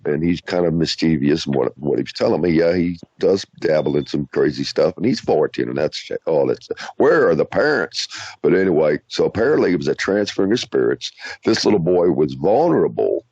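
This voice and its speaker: Low husky-voiced man telling a story. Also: dry recording. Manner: animated, halting restarts, acts out quoted voices. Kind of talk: casual storytelling interview. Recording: dull lo-fi radio audio.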